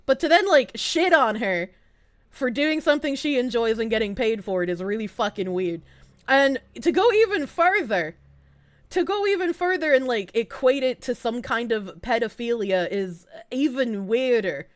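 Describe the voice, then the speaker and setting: A woman with a gruff, grating Boston accent talks in a high voice that leaps all over the place. She chats bluntly on a live stream, swearing freely and laughing often. The sound is close and dry. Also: animated, normal speed, no room sound. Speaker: VTuber streamer. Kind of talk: casual live-stream chat.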